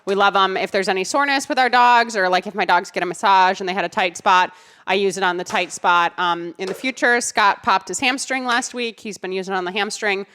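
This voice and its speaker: A woman's voice: mid-range voice, brisk, pushed and bright, clear, resonant tone. A woman co-hosting a casual podcast, bubbly and chatty. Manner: bubbly, chatty, laughs often. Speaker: podcast co-host. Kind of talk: casual chat.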